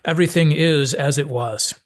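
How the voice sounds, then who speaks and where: A man voicing a grave, calm alien elder who speaks in formal, measured pronouncements. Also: a little high, close to an everyday voice. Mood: solemn.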